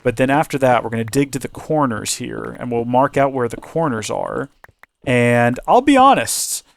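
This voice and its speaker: Losing his voice as he goes, a gaming channel host keeps up a rambling, joking let's-play commentary for his viewers. He has a mid-range voice with lively intonation, vocal fry, and a moderate pace.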